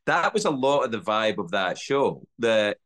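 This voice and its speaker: A man's voice: fairly low pitch, moderate pace. A middle-aged Scottish man, a comedian, telling stories in casual podcast chat and acting out voices as he goes. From Scotland. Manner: animated, swearing storyteller acting out voices. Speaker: guest comedian.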